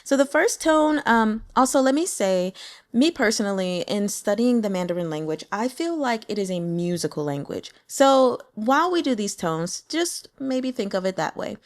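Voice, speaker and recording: A woman's voice: mid-range voice, animated, normal speed. Upbeat woman teaching pronunciation. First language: English. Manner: upbeat, demonstrates sounds with exaggerated vocal examples. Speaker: language teacher. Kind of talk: casual explainer lesson.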